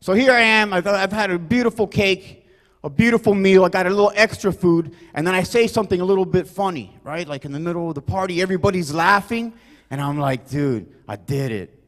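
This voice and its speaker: Guy doing stand-up in a club, really high voice, long reverby hall, rambly and loud. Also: quick pace. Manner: loud, rambling, keeps saying "you guys" and "right?". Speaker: stand-up comedian. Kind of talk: stand-up set. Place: comedy club stage.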